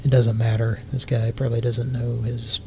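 A Southern US man chats in a rambling way on a live prank call show, full of fillers and casual swearing. His pitch stays flat and level. A steady rumble of noise sits under the recording. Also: normal speed. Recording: noisy background rumble.

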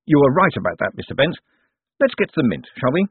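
A man voicing a quick-witted young male swindler turned official, talking smoothly and persuasively. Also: medium pitch, sing-song, a little hiss or hum, pitched above the performer's own voice. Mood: brisk. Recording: tinny lo-fi audiobook recording.

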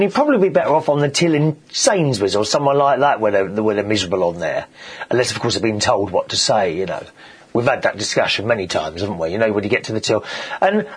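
Husky, lively man chatting. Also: medium pitch. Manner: gossipy, animated storytelling. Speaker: show host. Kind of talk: casual chatty monologue.

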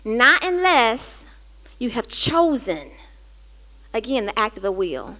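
Woman host, high-pitched, candid storyteller, warm confessional chat. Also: takes it slowly. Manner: earnest, conversational, rising to animated quoted dialogue.

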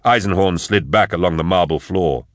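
An audiobook narrator with a deep male voice reads a scripted story at a moderate pace. The recording is dry and studio quality.

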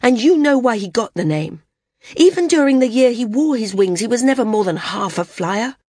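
A woman's voice: mid-range voice, lively intonation, moderate pace, husky, no echo, studio quality. A woman voicing an impatient young woman flyer who speaks heatedly and accusingly. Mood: rising.

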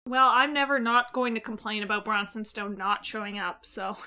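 A woman's voice: mid-range voice, moderate pace, sharp tone. A woman co-hosting a podcast, recapping a cartoon episode in a casual chat with blunt, wry jokes and some cheeky swearing. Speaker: podcast co-host.

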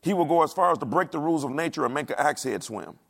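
Gravelly-voiced preacher with a dialect. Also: male voice, on the high side, fast. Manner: animated preaching, asks the congregation questions, acts out quoted voices. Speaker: pastor. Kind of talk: sermon.

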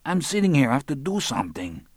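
A man's voice: medium pitch, very animated, fast talker, no echo, pitched above the performer's own voice. A man voicing a nervous, whiny young man on the phone in an audiobook. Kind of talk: audiobook narration.

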